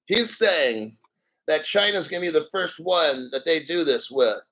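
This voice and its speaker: A man's voice: on the high side, expressive, slow, sharp tone, poor audio. Hyped man hosting a crypto vlog. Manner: hyped, boastful, laughing often. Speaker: crypto video host. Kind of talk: excited commentary reading an article.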